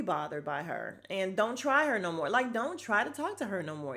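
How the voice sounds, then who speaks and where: A woman's voice: medium pitch, moderate pace, hardly any pauses. A woman hosting a casual podcast, recapping a reality show episode in a blunt, sassy way and swearing freely. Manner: animated, acts out the cast's lines. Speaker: podcast host.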